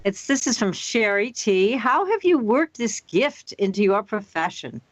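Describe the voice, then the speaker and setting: A woman's voice: medium pitch, sing-song, measured pace, dry recording. A woman hosting a radio talk show, reading promos and leading into the guest in an upbeat way. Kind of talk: radio host links and announcements. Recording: dull, dry lo-fi radio line.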